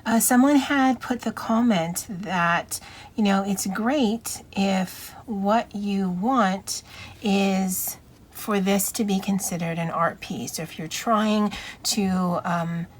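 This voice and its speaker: A woman with a Hawaiian accent chatting casually in a vlog, soft and halting, stumbling over her words while she works on a picture. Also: mid-range voice, a little hiss or hum. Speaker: YouTuber.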